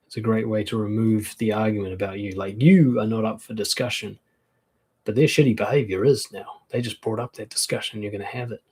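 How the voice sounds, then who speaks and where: A man's voice: lowish voice, a little mellow, husky. A man coaching on relationships in a live-streamed talk, frank and conversational, acting out quoted comebacks.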